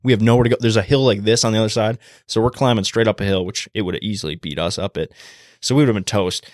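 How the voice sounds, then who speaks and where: A man guest on a podcast, telling a story in a casual, animated way and acting out the quotes in a hushed voice. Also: on the low side, quick pace, dry recording, studio quality.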